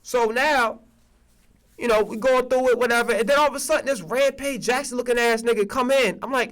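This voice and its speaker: A man's voice: very high voice, steady tone, a little fast, a bit bright. A man telling a story in a profane, frustrated casual rant full of restarts. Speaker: streamer telling a studio story.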